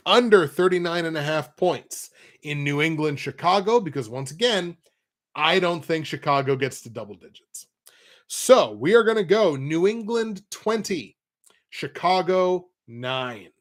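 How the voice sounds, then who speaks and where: Young male host, higher-pitched, loose and wry, talking through betting picks. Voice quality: nasal when pinching nose. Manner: rambling, self-correcting, wry asides. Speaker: sports picks show host. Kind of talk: casual football betting talk.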